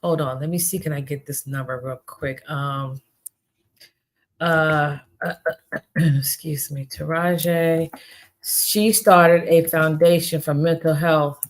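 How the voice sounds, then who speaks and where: A woman with a low voice hosts a solo podcast. She speaks slowly and earnestly, and she pleads with her listeners, often repeating herself. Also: fairly even intonation. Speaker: podcast host. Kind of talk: heartfelt solo podcast talk.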